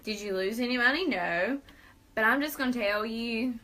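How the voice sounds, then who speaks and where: A woman's voice: on the high side, normal speed, sharp tone, rough recording. A young woman hosting a live video Q&A, upbeat and persuasive, laughing often. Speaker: host.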